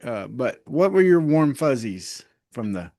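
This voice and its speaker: A man's voice: medium pitch, very animated, measured pace, darkish tone, no echo, studio quality. A man co-hosting a casual sports podcast, easygoing, laughing often and hedging his points with "uh". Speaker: podcast co-host.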